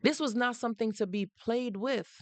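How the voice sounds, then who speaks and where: A woman's voice: fairly high pitch, normal speed, dry recording. Emphatic woman host, dry close sound. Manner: emphatic, repeats points for stress. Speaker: livestream host. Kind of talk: live-streamed advice talk.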